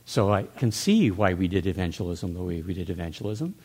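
Older guy in a church talk, low mellow voice, thinks out loud. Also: expressive, brisk, husky. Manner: earnest, musing, with restarts and soft laughs. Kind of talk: reflective church discussion.

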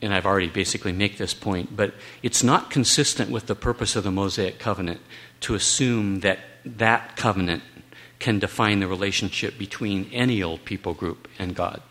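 A man delivers a Bible teaching talk in a fairly low voice. He presses his points earnestly and emphatically, now and then slipping in a wry aside. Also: normal speed, a bit bright. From United States.

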